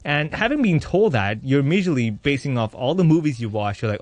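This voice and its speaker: Fast-talking man telling a joking life story. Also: medium pitch, no room sound. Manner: animated, joking, acts out voices in quotes. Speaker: interviewee. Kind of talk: candid personal storytelling.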